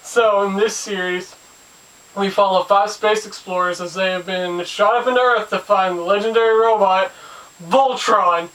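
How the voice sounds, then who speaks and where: A man's voice: sits high, steady tone, moderate pace, a bit bright, far from the mic, low-quality recording. A man hosting a casual video review of an old cartoon, chatty and full of jokey asides. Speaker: show host and reviewer.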